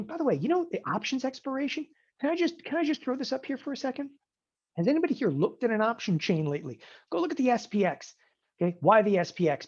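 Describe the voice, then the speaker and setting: A man's voice: high-pitched, slightly rough. A man teaching an online trading seminar, talking emphatically and animatedly and often checking in with "okay?". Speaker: trading instructor. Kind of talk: online seminar sales pitch. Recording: dull lo-fi webinar audio.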